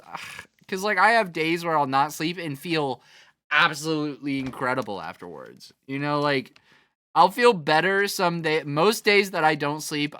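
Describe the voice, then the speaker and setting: Bright-voiced, rambling, profane male streamer. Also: on the high side, dry recording. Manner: rambling, profane, laughs often, trails off; reads out chat comments. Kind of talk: casual chat while gaming.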